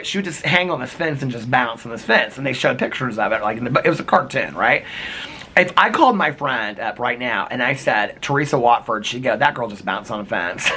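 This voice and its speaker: Chatty, laughing man with a bright voice. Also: medium pitch, big pitch swings, a little fast, slight background noise. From United States. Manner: rambling, laughs often, quotes movie lines. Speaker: vlogger. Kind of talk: casual chat.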